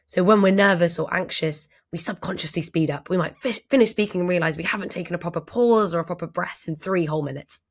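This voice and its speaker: Woman coach explaining stuff, lowish voice w some vocal fry, calm and steady. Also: fast, hardly any pauses. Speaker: voice and presentation coach. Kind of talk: instructional explainer.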